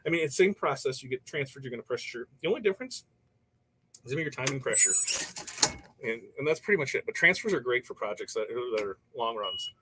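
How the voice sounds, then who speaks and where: A man's voice: mid-range voice, lively intonation, quick pace, a bit bright, a little hiss or hum, poor audio. A man hosting a casual livestream from his workshop, rambling through viewer comments and stories with frequent laughs. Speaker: livestream host. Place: workshop while pressing shirts.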